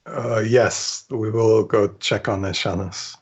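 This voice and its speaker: A man playing his character in a tabletop game, speaking earnestly with many pauses and fillers. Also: on the low side, steady tone, slightly rough, dull audio. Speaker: player. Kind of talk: in-character tabletop role-play.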